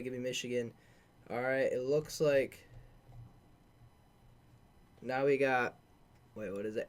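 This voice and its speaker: A man's voice: on the high side, darkish tone. A man hosting a sports podcast, casually talking through bracket picks in an offhand, filler-heavy way as he thinks aloud.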